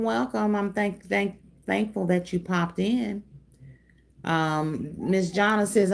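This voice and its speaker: A middle-aged woman, chatting casually on a craft livestream, reading viewer comments and calling them y'all and darling. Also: on the low side. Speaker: craft channel host.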